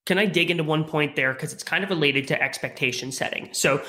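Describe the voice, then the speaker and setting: A man's voice: on the high side, fast talker, bright, forceful tone. A man co-hosting a sales podcast, asking the guest questions in a conversational way. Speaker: podcast co-host. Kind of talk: casual podcast interview.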